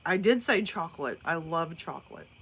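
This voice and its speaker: A woman's voice: fairly low pitch, animated, normal speed, fairly bright tone, slight background noise. A woman from northern Alabama with a Southern American accent, chatting casually and rambling with viewers on a live stream, laughing often. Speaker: livestream host.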